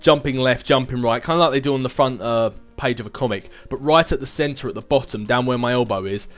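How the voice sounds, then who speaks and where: A man's voice: mid-range voice, fast, faint music behind. A young man in his twenties hosting a casual vlog and answering viewer questions in a rambling, chatty way, with self-mocking asides. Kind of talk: casual chat.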